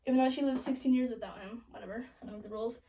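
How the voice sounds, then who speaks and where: Sarcastic young woman, high and off-mic. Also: steady tone, mellow, recorded from a distance, rough recording. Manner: valley-girl casual, sarcastic asides, quick quoted voices. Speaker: comedic storyteller. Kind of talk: joking retelling of a classic play.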